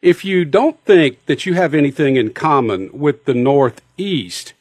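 A man with a fairly high voice that swings up and down a great deal. He hosts a radio talk show and asks his guest questions with eager, casual energy. His voice is close and dry, with no room sound. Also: lively intonation, unhurried, a little mellow, husky, dry recording.

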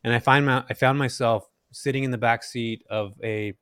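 A man in his thirties from Central Valley, California, a podcast guest telling his story in an animated way and acting out quoted lines. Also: medium pitch, moderate pace, smooth, dry recording. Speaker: guest, real estate investor.

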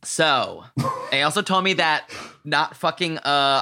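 A man hosting a podcast in casual chat, joking and swearing in quick banter. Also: fairly high pitch, animated, pushed and bright. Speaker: podcast host.

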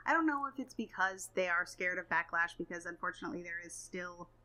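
A woman's voice: lowish voice, expressive, sharp tone, rough recording. Emphatic woman chatting casually. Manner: quick, emphatic, laughs often. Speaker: co-host. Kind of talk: casual chat.

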